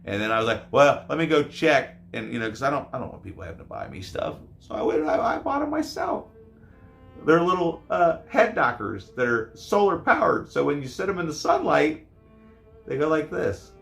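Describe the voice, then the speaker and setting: Man, casual profane vlog, hoarse, rambling rants, lively pitch, faint music behind. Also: fairly quick. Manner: profane, rambling, swings between loud rants and mumbles. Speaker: YouTube collector vlogger.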